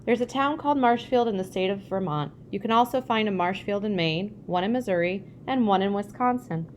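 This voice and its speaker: A woman's voice: medium pitch, a little fast, a little hiss or hum. Woman reading a memoir aloud. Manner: expressive, acts out family dialogue. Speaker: reader.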